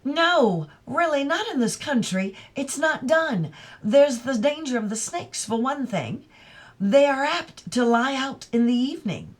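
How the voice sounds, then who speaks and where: A dictatorial young English official from an audiobook reading, lecturing in a raised, insistent tone, as a woman reader puts him on. His questions come sharp and clipped. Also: high-pitched, big pitch swings, unhurried, pitched above the performer's own voice, heavily acted. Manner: dictatorial, scolding.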